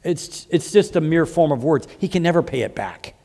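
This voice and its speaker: A man preaching in a church, his voice pitched on the high side for a man as it carries through a hall with a long reverb tail. He works through scripture in a conversational way, pausing to restart phrases and add asides. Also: expressive, mellow. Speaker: pastor. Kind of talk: sermon. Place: church sanctuary.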